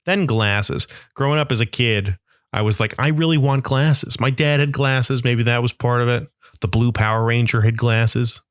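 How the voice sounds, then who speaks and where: A young man rambles through a self-mocking comic podcast monologue. He talks at an everyday middle pitch. The recording is dry and close, with no room sound. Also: steady tone, normal speed, clear, resonant tone, no room sound. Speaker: podcast host.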